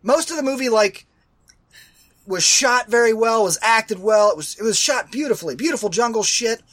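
A high-pitched man recaps a film in a casual podcast chat, then rants, swears and yells about it. He talks over a headset on a call, and his voice is going hoarse. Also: animated, moderate pace. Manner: ranting, profane, shouts when angry. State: losing his voice. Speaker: podcast co-host. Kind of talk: casual movie-review chat. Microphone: headset over a video call.

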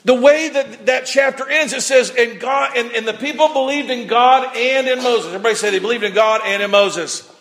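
A man preaching a sermon, telling a story with animated delivery, acting out people's words and rising to shouts at key points. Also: extremely high pitch, fairly quick, few pauses.

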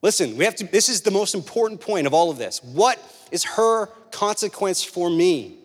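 Preaching in a high, expressive voice at a moderate pace, this young pastor weaves conversational stories and drives his points in by repeating them. His sermon carries a long hall reverb.

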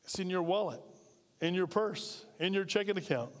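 The sound is big-room as a man from the United States, his voice sitting high and his speed normal, preaches as pastor. He chats with his large church's congregation and draws call-and-response from them.

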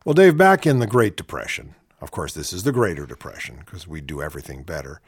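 A man's voice: sits low, wildly swooping pitch, quick pace, breathy edge, dry recording. A man co-hosting talk radio, reading news items aloud and adding sarcastic quips. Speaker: radio co-host.

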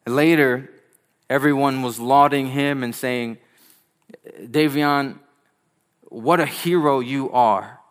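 A male preacher in the middle of a sermon, his voice sitting at an average pitch. He builds to loud, emphatic peaks, then drops into hushed, low lines. Between points he tells a story with quick asides. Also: clear, resonant tone.

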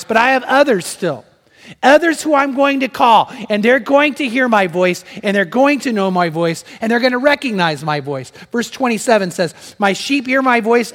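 A middle-aged male pastor with a high-pitched voice preaching an animated sermon. He slips into playful acted voices and joking asides. His voice rings with long reverb through a church hall. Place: church sanctuary.

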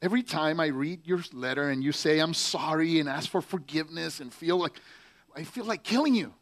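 A hurt young Marine pours out bitter, pained words in a letter home, as a preacher reads him aloud. The voice sits fairly high for a man and comes out halting and heavy with anguish. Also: lightly acted. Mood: furious. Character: angry, heartbroken young male Marine writing home. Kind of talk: letter read aloud in a sermon.

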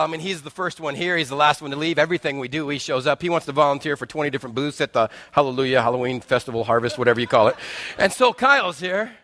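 On a dry recording, a man with a highish, sharp voice preaches as a guest speaker. He narrates a parable, acting out the voices and joking with those gathered.

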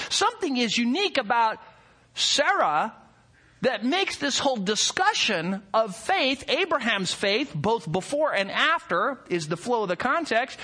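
A man's voice: sits high, very animated, moderate pace, bright, forceful tone, breathy edge. A male pastor preaching a sermon that explains a text. He speaks emphatically, stresses key words and puts rhetorical questions to his listeners. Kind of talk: expository sermon.

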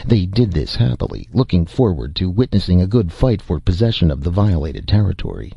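Man, audiobook narration, measured delivery, very low voice, lively pitch, dull dry recording. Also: vocal fry, husky, no echo. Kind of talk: scripted narration.

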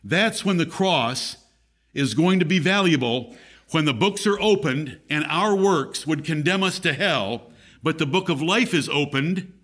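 A man's voice: a little high, expressive, unhurried, a bit bright. A man preaching a sermon as pastor in a church, emphatic, his voice rising and falling.

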